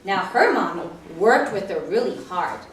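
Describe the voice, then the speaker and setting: A woman piano teacher speaking to children and parents at a recital, telling animated stories and acting out her students. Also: medium pitch, moderate pace, slight background noise. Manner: animated storytelling, acts out students. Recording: echoey room from far off.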